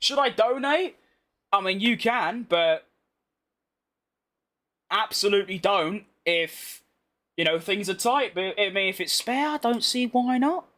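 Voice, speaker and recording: A man's voice: sits high, animated, unhurried, pauses often, a bit bright. A young British man chatting casually over racing game footage, bluntly answering viewer comments with slangy banter. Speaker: gaming YouTuber. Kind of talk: casual gameplay commentary reading chat.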